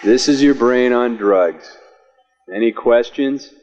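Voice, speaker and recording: An actor playing a stern male announcer in an anti-drug public service ad, speaking in a solemn, deliberate way. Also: medium pitch, darkish tone, soft background music, lightly acted. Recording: dull, reverberant old ad recording.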